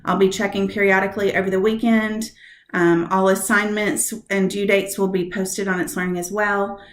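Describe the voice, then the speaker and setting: In a recorded lesson on poetry meter, a woman teacher walks slowly, step by step, through stress patterns. Her mid-range voice barely moves in pitch, and the room sounds echoey.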